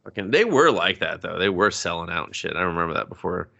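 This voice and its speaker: A man's voice: deep voice, fast, creaky, lo-fi sound. A man co-hosting a movie review podcast, casually retelling scenes and acting out lines with swearing and laughter. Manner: animated retelling with voiced quotes, swearing, laughing. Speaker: podcast co-host.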